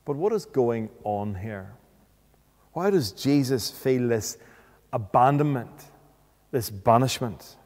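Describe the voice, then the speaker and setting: Slow, deliberate male preacher in a reverberant hall. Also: mid-range voice, lively intonation, a little mellow. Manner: slow, deliberate, rhetorical questions. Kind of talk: sermon.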